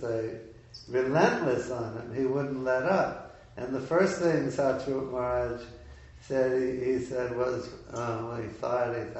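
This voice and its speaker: Halting man telling a story in an echoey room. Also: medium pitch, darkish tone. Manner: halting, full of restarts and fillers. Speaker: speaker at a devotional gathering. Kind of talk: informal storytelling talk. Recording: echoey room, far from the mic, dull sound.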